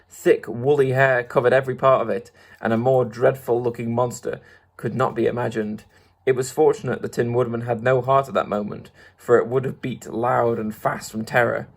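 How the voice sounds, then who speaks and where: Man reading a storybook aloud. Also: mid-range voice. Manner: steady, with small restarts. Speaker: audiobook reader.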